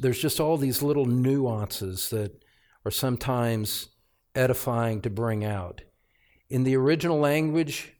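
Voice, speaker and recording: Slow, emphatic preacher man. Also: medium pitch. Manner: emphatic, swings from hushed to loud, repeats phrases. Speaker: pastor. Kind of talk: expository sermon. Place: church sanctuary.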